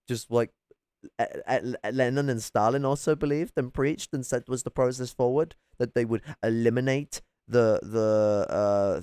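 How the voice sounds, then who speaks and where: A man ranting angrily and profanely as he reacts to political clips from his flat. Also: lowish voice, clean tone, dry recording. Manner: angry, profane, confrontational.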